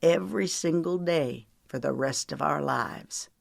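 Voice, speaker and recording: A teasing, affectionate young man in a romance audiobook, read by a woman. His lines sit low and come across plainly and warmly, recorded close and dry with no room around them. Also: unhurried, gravelly, no echo, heavily acted. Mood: tender. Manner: light, playful teasing.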